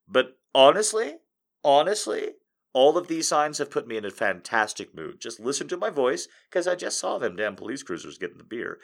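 A man rants to his audience in a bright, forceful voice that is full of swearing. His pitch swings widely as he moves from loud bursts to mumbled asides. The delivery is loose and animated. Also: vocal fry. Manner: animated, swearing, jumping between loud and quiet. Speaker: streamer. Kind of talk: casual profane ranting to an audience.

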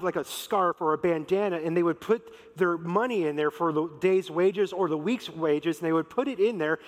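A man preaching a sermon in a conversational, emphatic way, acting out quotes. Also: sits high. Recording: long reverb of a large hall.

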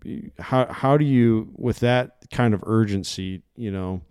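Mellow-voiced enthusiastic male podcast host. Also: on the low side, unhurried, smooth, no echo, clean studio sound. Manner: enthusiastic, rambling questions. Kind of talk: casual podcast interview.

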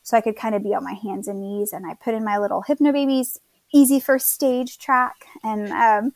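A woman's voice: on the high side, fairly even intonation, moderate pace, no echo. A young woman casually telling her birth story, chatty, quoting others and laughing at herself.

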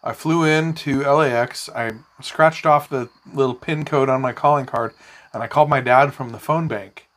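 A podcast co-host with a medium-pitched voice tells a long, rambling story at normal speed. He swears freely in this casual chat, his anecdotes animated.

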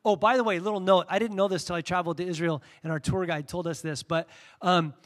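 A man preaching a sermon, telling the story casually with playful asides and a lively delivery. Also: high voice, fast talker. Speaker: pastor.

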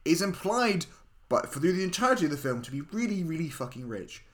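A man's voice: fairly high pitch, big pitch swings, fairly quick, fairly bright tone. A man with a posh English accent co-hosting a casual film review podcast, sweary and sarcastic. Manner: sweary, emphatic, sarcastic asides. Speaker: podcast co-host.

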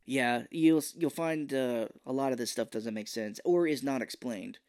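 A man co-hosting a film podcast talks in an easygoing, chatty way. His voice sits at a middle pitch. He keeps breaking into quick impressions as he retells scenes. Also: darkish tone. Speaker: podcast co-host. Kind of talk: casual film review chat.

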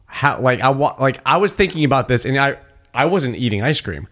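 A man co-hosting a podcast in casual chat, animated, slipping into a posh waiter's voice for short bits. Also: medium pitch, brisk. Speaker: podcast co-host.

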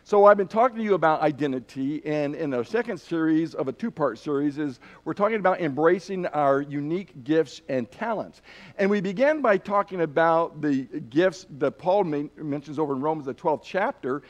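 A man's voice: on the high side, lively intonation, moderate pace. A man preaching a sermon in a loose, folksy way, with many fillers and restarts. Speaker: pastor. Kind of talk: sermon with a told joke.

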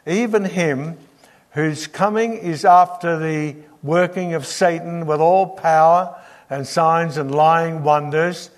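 A man's voice: a little high, steady tone, slow pace. Man preaching a sermon. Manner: teaching, asks the congregation questions.

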